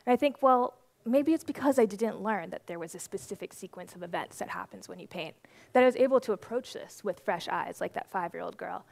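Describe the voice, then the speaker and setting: This twenties-aged woman's mid-range voice is brisk and creaky as she recounts her story from a conference stage. She's animated and lively at the stage microphone, and the audio is close and dry, nearly free of reverb.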